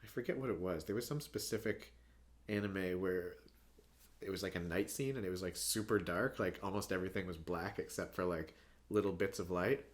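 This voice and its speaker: A man's voice: deep voice, a little fast. A young man, a guest on a podcast, chatting casually about making cartoons and telling long, rambling stories full of fillers and laughs. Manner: rambling storyteller, filler-heavy, laughs often. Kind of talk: casual chat.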